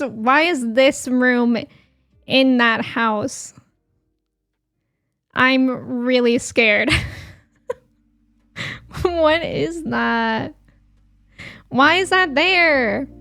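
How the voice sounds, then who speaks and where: A woman streaming live, chatting easily with her viewers and reading their messages aloud between frequent laughs. Her voice sits high, and she takes her time over each thought. Game music plays faintly behind her. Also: fairly bright tone. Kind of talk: casual chat with live viewers.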